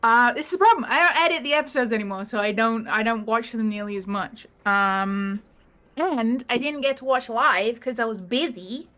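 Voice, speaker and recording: Bright, high woman rambling through a recap. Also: moderate pace. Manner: rambling, laughing, swearing, quoting characters in a rush. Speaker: player recapping the last session. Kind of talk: casual recap of a tabletop game.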